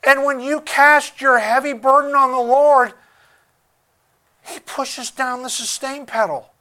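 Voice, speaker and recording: A male pastor preaching a sermon in an emphatic, deliberate way, often repeating words as he searches for them. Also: very high voice, lively intonation, pushed and bright.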